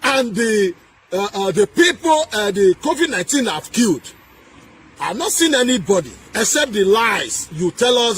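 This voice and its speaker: A man with a Nigerian accent delivering a heated political rant, emphatic and repetitive, with sing-song rises and shouted bursts. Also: high-pitched, sing-song, moderate pace, a little hiss or hum. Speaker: political commentator.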